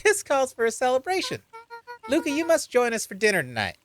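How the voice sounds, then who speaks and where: A streamer voicing an overeager, doting mother in a game, with a slow, sing-song, sugary delivery. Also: mid-range voice, huge pitch swings, a bit bright, faint music behind, voice pushed up.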